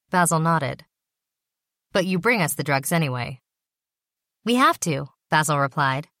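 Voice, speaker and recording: A woman narrating an audiobook in a steady, even reading voice. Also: deep voice, no room sound, studio quality.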